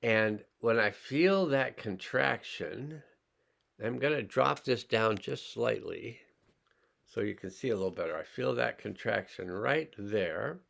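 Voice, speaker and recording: A man teaching a healing class, slowly and calmly talking listeners through sensing their body and emotions. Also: fairly low pitch, creaky. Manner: slow, calm, pausing, guiding listeners' awareness. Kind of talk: slow guided healing demonstration.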